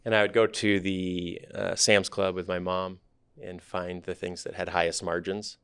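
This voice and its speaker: Low gravelly man telling his story. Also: normal speed, dry recording. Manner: relaxed storytelling, thoughtful, candid. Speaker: startup CEO guest. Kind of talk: podcast interview.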